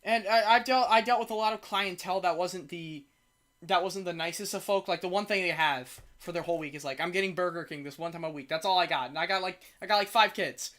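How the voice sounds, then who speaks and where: A man's voice: sits high, fast talker, fairly bright tone. A young man from Georgia hosting a casual podcast chat from home, rambling through stories with lots of restarts and filler words. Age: young adult. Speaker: podcast host.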